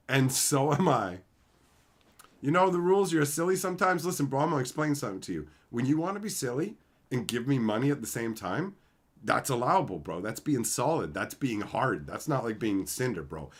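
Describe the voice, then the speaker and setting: Reading viewer comments aloud, a man hosting a casual livestream jokes boastfully, calls his viewers bro and son, and swears freely. His delivery swings widely in pitch and loudness, with bursts of mock shouting.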